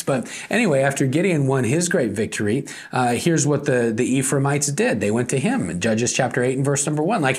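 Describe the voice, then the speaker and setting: A man's voice: medium pitch, breathy edge. A male pastor preaching a conversational sermon, acting out quoted lines.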